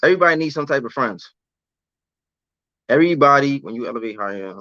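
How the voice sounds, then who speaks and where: A man's voice: mid-range voice, lively intonation, quick pace, sharp tone, no room sound, lo-fi sound. A man chatting casually on a livestream, loose and slangy, often restarting and repeating his words. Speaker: vlogger answering live chat.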